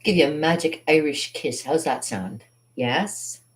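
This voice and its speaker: Woman, casual makeup vlog chat, rambling, giggly, deep voice, lively intonation. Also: measured pace. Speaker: vlogger.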